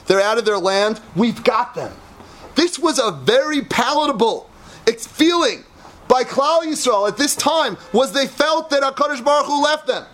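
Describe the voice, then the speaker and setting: Male Torah lecturer, very high voice, fervent and dramatic, building to shouts. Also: lively intonation, moderate pace. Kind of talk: impassioned Torah class.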